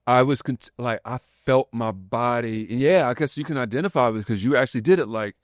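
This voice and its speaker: A man hosting a podcast, telling a personal story in a loose, slangy, animated way and acting out the voices in it. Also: medium pitch, a little fast, no echo, clean studio sound. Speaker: podcast host. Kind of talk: casual conversation.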